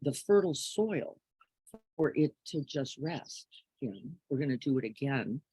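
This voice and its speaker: A middle-aged woman giving a reflective spiritual teaching in a gentle, unhurried way, often closing her points with soft tag questions. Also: rumbling low, animated, breathy edge, no echo, rough recording.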